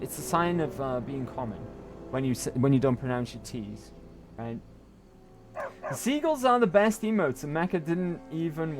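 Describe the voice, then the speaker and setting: A young British man streaming a game, chatting in a rambling way and often tagging on "right?". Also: mid-range voice. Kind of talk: casual gaming chat.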